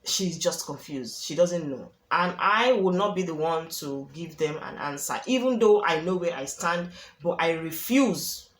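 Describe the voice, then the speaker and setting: Woman telling a true story, lowish voice, casual, repeats herself a lot, roomy echo. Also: expressive, a little slow, few pauses. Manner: casual, repeats phrases for emphasis. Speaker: storyteller, channel host. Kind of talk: narrating a true-life story. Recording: echoey room.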